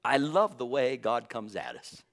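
A man preaching a sermon, animated, calling out for amens and laughing between points. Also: mid-range voice, a little slow, gravelly.

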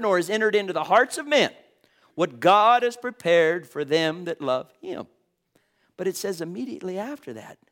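A man preaching a sermon to his congregation, impassioned, swelling loud and then dropping almost to a whisper. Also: high voice.

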